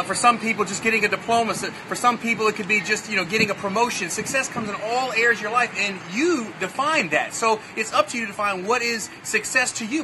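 A man giving an energetic motivational talk, telling a story and often checking in with "right?". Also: high-pitched, noisy background. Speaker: motivational speaker.

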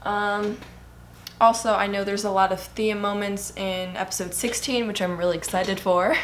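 A young woman hosting a reaction video, chattering excitedly and gasping at what she watches. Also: medium pitch, moderate pace, slight background noise. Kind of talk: casual reaction commentary.

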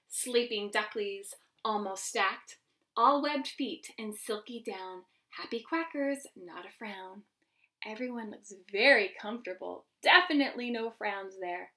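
Bright, slow-paced woman reading to children. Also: medium pitch, distant mic. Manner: gentle, animated storyteller talking to young kids. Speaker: children's ministry teacher. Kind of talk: reading a picture book aloud to children.

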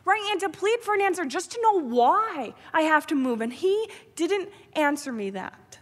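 High-pitched woman from New York, emotional devotional speaker, loud-to-whisper swings, big reverberant hall. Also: big pitch swings, normal speed. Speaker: public speaker. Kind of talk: devotional address. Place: large theater.

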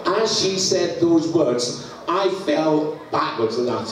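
A man's voice: on the high side, expressive, slow pace, a crowd in the background. A Scottish man preaching, telling a funny story with lots of laughter and acted-out sounds. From Scotland. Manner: laughs through his story, acts out sounds. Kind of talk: humorous sermon storytelling. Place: church hall. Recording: echoey church, distant mic, background noise.

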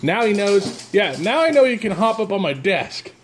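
A man's voice: high voice, big pitch swings, normal speed, a little hiss or hum. A man vlogging at home who talks to his dog in a teasing, playful, coaxing way. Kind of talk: casual talk to a pet. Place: home room with dogs around.

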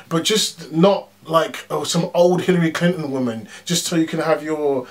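A man in a casual movie-review vlog, ranting bluntly with plenty of swearing and "like"s and "um"s. His voice sits at an ordinary middle pitch for a man. He sounds like he is talking straight to his viewers. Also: moderate pace, few pauses. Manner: animated, blunt, frequent swearing and fillers.

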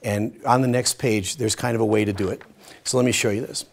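A middle-aged man teaching a Bible study session, telling stories with lively energy and swinging from loud, emphatic lines to hushed ones. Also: on the low side, brisk, gravelly.

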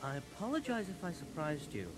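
A calm formal hospital doctor. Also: male voice, high voice, a little fast, faint music behind, rough recording. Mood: polite. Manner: polite and formal. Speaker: game character.

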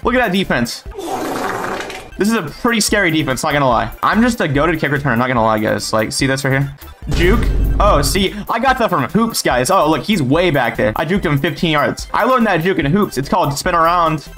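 Young male gamer, cocky play-by-play, a bit high-pitched, faint music under him. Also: expressive, fairly quick. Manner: boastful, joking trash talk. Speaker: gaming YouTuber. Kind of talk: live gameplay commentary.

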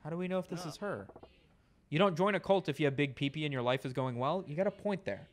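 A man's voice: on the high side, fast. A man streaming a video game, joking and talking directly to his viewers. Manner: jokey, addresses viewers directly. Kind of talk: let's-play commentary.

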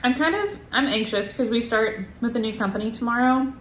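A woman's voice: a little high, a little fast, fairly bright tone. A woman co-hosting a podcast, chatting casually and rambling with many ums. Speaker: podcast co-host. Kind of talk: casual chat. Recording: echoey room with faint noise.

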